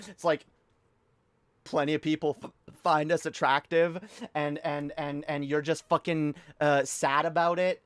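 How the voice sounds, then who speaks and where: A woman's voice: sits low, normal speed, no echo. A woman streaming a reaction video, ranting heatedly and profanely with frequent restarts. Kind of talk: livestream rant.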